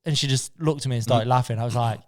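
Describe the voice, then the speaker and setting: A man's voice: medium pitch, quick pace, background noise. A man co-hosting a podcast, telling stories in casual chat and acting out what people said, laughing often. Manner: animated storyteller, acts out quoted lines, laughs often. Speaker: podcast co-host.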